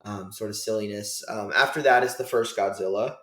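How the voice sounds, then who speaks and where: A man's voice: fairly low pitch, fairly quick, bright, forceful tone. Hesitant man thinking aloud in an echoey room. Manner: hesitant, many ums and restarts while thinking aloud. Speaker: podcast host. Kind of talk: casual film review chat.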